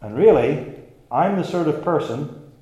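A man's voice: lowish voice, lively intonation, normal speed, dark tone, highs cut off, close to an everyday voice. A man voicing a boastful, self-important male churchgoer who brags about his strength. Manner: proud, swaggering. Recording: echoey room.

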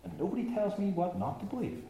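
A man's voice: fairly low pitch, animated, normal speed, warm tone, natural voice. A man voicing a boastful, self-important male churchgoer who brags about his strength. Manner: proud, swaggering. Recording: echoey room.

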